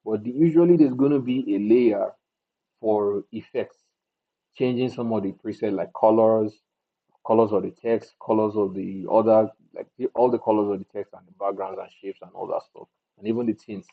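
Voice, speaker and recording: Speaking in a lowish voice at a moderate pace, a man thinks aloud through a casual screen-recorded tutorial on video editing, often starting his sentences over. It sounds tinny, as if recorded on a phone.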